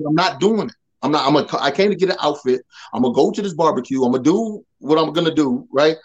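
A man who talks loud by nature, a podcast guest telling a personal testimony in casual slang and acting out the dialogue. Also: fairly high pitch, fast talker, slightly rough, low-quality recording. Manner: loud, animated, acts out quoted dialogue.

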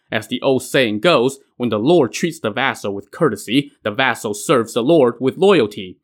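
A man's voice: mid-range voice, fairly bright tone. A man voicing a loyal general who pleads and argues urgently, in a told story. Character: loyal, pleading male general, a sworn brother.

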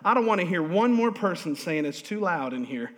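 A male pastor preaching a lively, humorous sermon in a church, drawing responses from the congregation. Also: sits high, brisk. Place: church sanctuary. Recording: long hall reverb.

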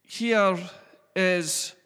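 Pastor in a reverberant hall. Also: male voice, high-pitched, extremely slow, pushed and bright, smooth. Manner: chatty, asks the congregation questions, tells family stories. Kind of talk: conversational sermon.

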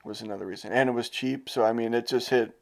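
A man's voice: medium pitch, steady tone, quick pace, vocal fry. A young man co-hosting a podcast, telling stories in a rambling, hesitant way with joking asides. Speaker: podcast co-host. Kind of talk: casual chat.

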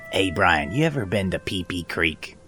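A man's voice: sits low, very animated, moderate pace, pushed and bright, breathy edge, soft background music, exaggerated voice. A man voicing a pushy hillbilly fisherman who sells stink bait, with a drawling salesman manner.

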